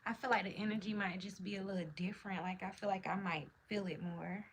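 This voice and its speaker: A woman's voice: medium pitch, fairly even intonation, quick pace, a little hiss or hum. A woman hosting a livestream, chatting in a hyped, slangy, casual way while answering comments. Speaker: livestream host.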